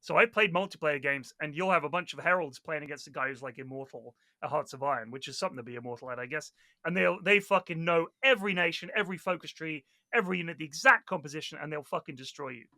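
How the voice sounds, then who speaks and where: Brief: man, podcast guest, high and very bright voice, dry close sound, swears freely. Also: quick pace, no echo. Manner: animated storyteller, swears a lot, mimics other players. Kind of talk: casual podcast chat.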